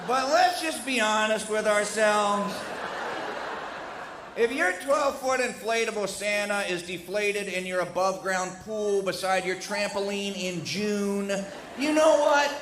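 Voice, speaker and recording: A middle-aged man with a West Virginian accent telling a comic tall tale on stage in a folksy, animated way. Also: measured pace. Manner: animated, folksy, with big jumps in pitch and loudness. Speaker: storyteller. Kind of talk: comedic storytelling on stage. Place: stage in a small lounge. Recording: echoey live room with faint noise.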